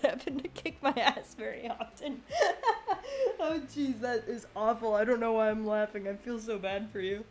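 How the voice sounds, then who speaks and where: A young woman streaming a game live, chatting casually, laughing often and reacting loudly to what happens on screen. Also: medium pitch. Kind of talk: casual gameplay commentary.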